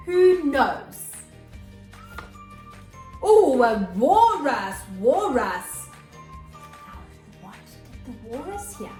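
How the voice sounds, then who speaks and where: Woman, teacher, high lively voice, unhurried, echoey room, faint music behind. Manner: animated, gasps and exclaims for young children. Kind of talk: children's morning lesson.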